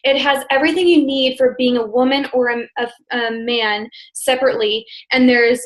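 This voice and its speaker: Woman with a high voice, energetic and emphatic, nurse hosting a team update. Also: rough recording. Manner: energetic and emphatic, stresses key words slowly. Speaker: host and registered nurse. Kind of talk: team call news segment.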